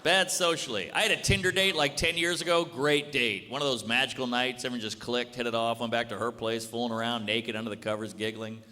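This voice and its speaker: A man doing a stand-up routine on a club stage, delivering blunt, deadpan jokes and acting out quick bits of dialogue. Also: mid-range voice. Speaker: stand-up comedian. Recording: live club with audience noise and reverb. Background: laughing audience.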